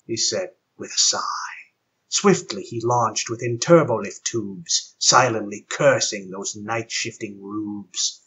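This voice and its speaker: Slow husky man reciting rhymed verse. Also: fairly low pitch, expressive, fairly bright tone. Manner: measured, storytelling cadence. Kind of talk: rhymed poem narration. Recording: dull lo-fi with faint guitar.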